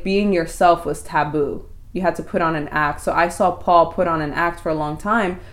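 Young woman, podcast co-host, casual storyteller, lively with quoted asides, a little low in pitch. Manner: animated, acts out quoted thoughts.

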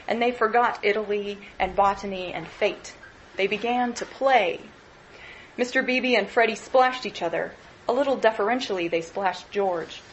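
A woman lecturer reading a novel aloud in an expressive, measured way. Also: medium pitch, muffled recording, slight background noise.

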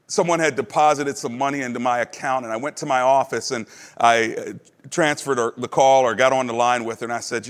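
A man preaching a sermon, telling stories and putting questions to the congregation, swinging between quiet low moments and emphatic high ones. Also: fairly even intonation, brisk, big-room sound. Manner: storytelling preacher, asks the crowd questions. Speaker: pastor.

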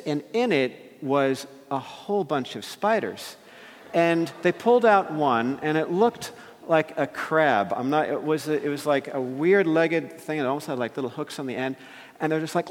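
A man in his thirties, a pastor from New Jersey telling a personal story in an animated way and acting out the quotes. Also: a little high, fairly quick. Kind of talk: storytelling sermon. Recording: long hall reverb.

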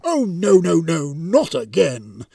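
A man's voice: a little high, very animated, normal speed, a little mellow, dry recording, clean studio sound, recorded from a distance. A man voicing a put-upon male Grim Reaper spirit who complains in an indignant, plaintive way. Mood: despairing.

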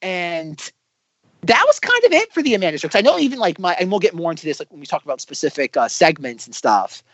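A man's voice: sits high, big pitch swings, fast, fairly bright tone, dry recording. A man in his thirties co-hosting a podcast, chatting casually and rambling animatedly with lots of fillers. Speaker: podcast co-host. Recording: slightly dull, dry lo-fi audio.

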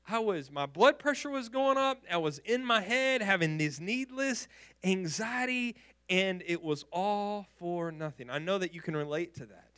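A male pastor preaching a sermon, telling a personal story with animated restarts and repeated words. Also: high-pitched, measured pace, clean tone.

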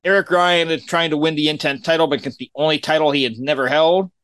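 A man's voice: a little high, fairly even intonation, quick pace, fairly bright tone, clean tone, dry recording. A man casually recapping a wrestling show on a podcast, giving dry, matter-of-fact play-by-play with his own opinions.

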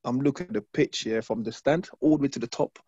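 A man from London, a former footballer, telling stories in an interview, animated and repeating phrases as he acts out his past self. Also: mid-range voice, fast, breathy edge, no room sound. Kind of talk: casual interview storytelling. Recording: dull lo-fi dry sound.

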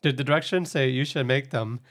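A man co-hosting a laid-back recap show, chatting with an easy, amused manner. His voice sits in an ordinary middle pitch, and he talks loosely with fillers and quick laughs. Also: a bit bright. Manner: chatty, laughs easily, speaks animatedly. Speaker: podcast co-host. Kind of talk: casual recap chat.

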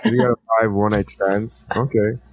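A man's voice: on the low side, fairly even intonation, moderate pace. A man hosting a movie review podcast, talking in a rambling way with many restarts and casual swearing. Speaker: podcast host.

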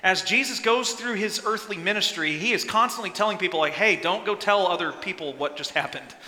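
Male pastor, sermon, bright and sharp tone, lively delivery with loud acted-out bursts, church hall reverb. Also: high-pitched, fairly quick. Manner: animated, acts out quotes with sudden loud bursts. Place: church sanctuary.

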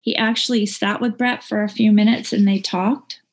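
Middle-aged woman, plain mid-pitch voice, candid halting testimony, sincere and unpolished. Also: steady tone. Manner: candid, heartfelt, halting with fillers and restarts. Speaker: recovering drinker sharing her story. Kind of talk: personal recovery testimony. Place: lives in Northern California.

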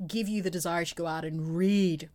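A woman's voice: on the low side, fairly even intonation, normal speed, darkish tone. A woman, co-hosting a podcast and talking earnestly and reflectively about poetry. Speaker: podcast co-host. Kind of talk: casual conversation about poetry.

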